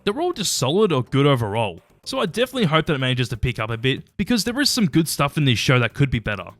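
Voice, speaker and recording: A man racing through a casual review with a lively, swooping delivery. He is chatty and opinionated and tosses in a mild curse now and then. His voice is close and dry, with soft music underneath. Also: medium pitch, fast talker, no room sound. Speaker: YouTube episode reviewer. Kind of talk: casual commentary ranking episodes.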